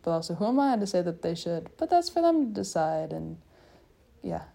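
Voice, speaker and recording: Fairly low and gravelly with a dark tone, this young woman's voice has a sing-song lilt and a fairly quick pace. She talks in loose circles through a personal monologue, thoughtful and self-deprecating. In the background, people are faintly audible in the hallway.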